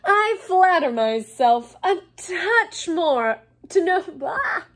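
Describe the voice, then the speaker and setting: A woman voicing a pompous, relentlessly cheerful male wizard teacher who talks down to people in a slow, loud, self-satisfied way. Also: very high voice, very animated, voice pushed up, heavily acted. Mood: smug, condescending. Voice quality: condescending, drawn-out and loud.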